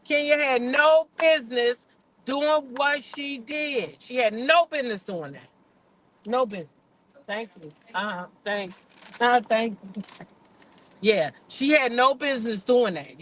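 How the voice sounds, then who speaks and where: An older woman hosts a casual gossip livestream, speaking straight to the viewers in her live chat. Her voice is slightly high and fairly bright, her pace a little slow with long pauses, and she's chatty and blunt, swearing freely and repeating points for emphasis.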